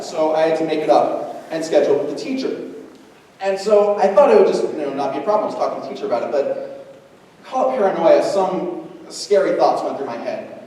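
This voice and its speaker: A man's voice: high voice, dark tone. A young man telling a stand-up story and acting out voices, recorded from far off in a large school hall. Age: young adult. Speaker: stand-up comedian. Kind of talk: stand-up routine. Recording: echoey hall from far off, faint noise.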